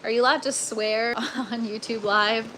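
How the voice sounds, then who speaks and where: Exasperated woman livestreaming, slow and noisy. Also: on the high side. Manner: groaning, exasperated, talks to viewers. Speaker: gardening livestreamer. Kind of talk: casual live-stream chat. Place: indoor grow tent. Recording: noticeable steady background noise.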